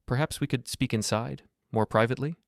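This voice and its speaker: Guy doing a slick creepy gangster, calm and condescending, dry close sound. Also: medium pitch, brisk, dry recording, voice pushed up, lightly acted. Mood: smooth menace. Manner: smooth, condescending, quietly threatening. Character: smooth, menacing small-time male club owner.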